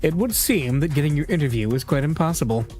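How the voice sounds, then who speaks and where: A man's voice: a little high, animated, quick pace, darkish tone, faint music behind, natural voice. A man doing a dry, weary assistant.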